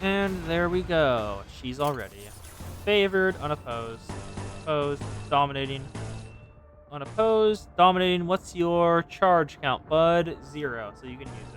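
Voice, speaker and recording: Relaxed streamer muttering over game music. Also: medium pitch, unhurried. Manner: relaxed, muttering, humming to themself. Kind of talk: casual game commentary.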